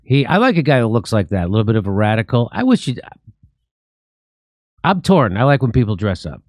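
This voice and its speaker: Ranting American comedy host, dry sound. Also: male voice, medium pitch, fairly quick, dry recording. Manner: sarcastic, ranting, animated. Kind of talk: casual comedic commentary.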